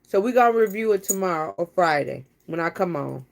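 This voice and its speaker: A woman's voice: on the low side, expressive, fairly quick, gravelly. Woman, planner live-streamer; chatty, teasing, casual chat to camera. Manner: chatty, teasing, talks straight to viewers.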